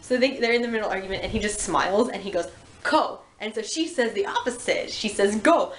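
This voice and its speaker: A young woman hosting a casual chat, animated and acting out characters' lines. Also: medium pitch, fast talker. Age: young adult. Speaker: channel host. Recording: echoey room with faint noise.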